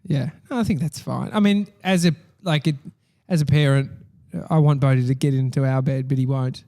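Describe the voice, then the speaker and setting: A man's voice: medium pitch, a little fast. An Australian man in his thirties, a podcast host telling stories in casual chat, swearing freely. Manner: swears a lot, animated storytelling.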